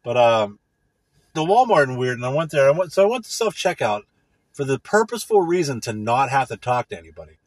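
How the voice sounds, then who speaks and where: A man ranting comedically, rambling and swearing, full of fillers, swinging between loud bursts and mutters. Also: medium pitch, sing-song, a little fast, no room sound. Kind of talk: profane comedic rant.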